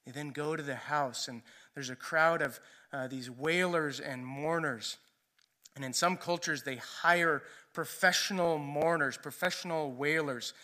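Bright-voiced conversational male preacher. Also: fairly high pitch, unhurried. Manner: conversational storytelling, often asks "right?". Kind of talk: sermon.

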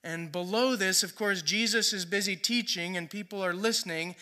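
A man's voice: sits high, normal speed, sharp tone. A man preaching a sermon in a conversational storytelling way, often checking in with "right?". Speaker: pastor.

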